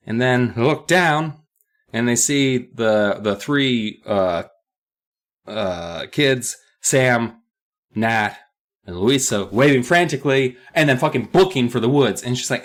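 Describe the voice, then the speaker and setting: A man recapping a book on a comedy podcast, sarcastic and foul-mouthed. His voice sits at a medium pitch, but he keeps it very animated and full of swings. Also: slow pace, long pauses. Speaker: podcast co-host.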